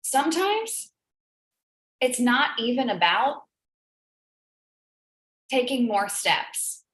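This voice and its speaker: A woman's voice: a little high, sing-song, extremely slow, fairly bright tone. Earnest woman hosting an echoey live stream. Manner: emotional, earnest, repeats phrases for emphasis. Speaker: host of a live business coaching stream. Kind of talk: live-stream motivational talk. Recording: echoey room.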